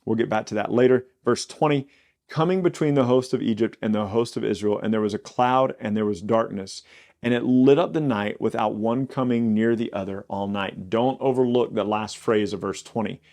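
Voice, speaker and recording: A man's voice: on the low side, darkish tone. Casual man teaching the Bible. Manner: conversational, acts out God's lines with quick quirky quotes. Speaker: Bible podcast host.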